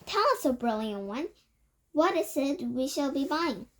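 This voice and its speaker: A woman voicing a shrill, excited crowd of female witches, chanting in a high squeal. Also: unhurried. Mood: eager. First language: Korean.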